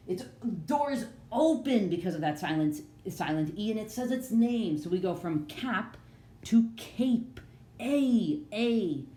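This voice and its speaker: A woman teaching a phonics lesson to children, with an animated, sing-song delivery. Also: mid-range voice. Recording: echoey room with faint ambience.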